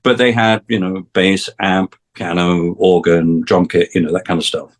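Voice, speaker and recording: Deep and steady, this Englishman in his sixties talks at a normal speed as a guest on a talk show. The session drummer rambles through lengthy stories from his career, frequently restarting his sentences and performing the voices he quotes, in a relaxed interview.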